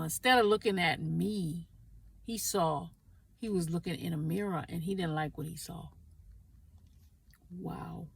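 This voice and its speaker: A woman talks through a spiritual tarot reading at an unhurried pace, laughing easily and breaking into prayer. Her voice is husky with a gravelly edge, and she sits some distance from the microphone. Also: fairly low pitch, bright, forceful tone, no echo. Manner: chatty, laughs often, prays aloud.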